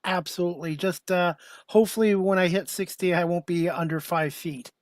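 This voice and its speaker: A man's voice: sits high, steady tone, a little fast, no echo. Man in his fifties hosting a talk show. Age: 50s. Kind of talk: casual talk show chat.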